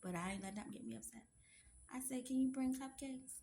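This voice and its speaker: A woman's voice: high voice, a little fast, gravelly, mellow, slight background noise. A woman, telling a story to her viewers in a chatty, emphatic way. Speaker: vlogger.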